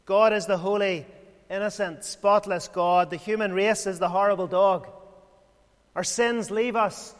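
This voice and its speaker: A man preaching a sermon in a measured way, full of rhetorical questions and repeated phrases. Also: high-pitched, fairly even intonation. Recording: long hall reverb.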